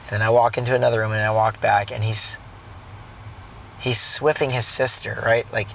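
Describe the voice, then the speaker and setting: A man's voice: on the low side, flat delivery, normal speed, vocal fry, fairly bright tone, a little hiss or hum, poor audio. A man telling a rambling story about his day while driving, speaking earnestly and often restarting his sentences. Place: in a car.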